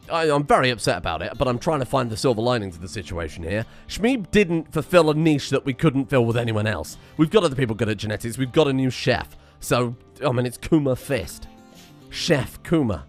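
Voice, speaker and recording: A man's voice: mid-range voice, very animated, moderate pace, soft background music. A man doing video game commentary, rambling and exasperated, talking nonstop. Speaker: let's play host.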